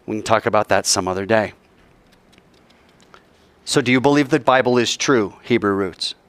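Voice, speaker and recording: A man teaching a classroom Bible lesson, animated and quizzing his class while acting out scenes. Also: fairly low pitch, moderate pace, no echo. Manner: animated, acts out scenes in voices, asks the class questions.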